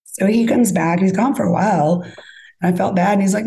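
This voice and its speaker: Gravelly low-voiced woman telling a story. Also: a little fast, rough recording. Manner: animated, acts out quoted lines. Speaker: guest storyteller. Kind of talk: casual storytelling.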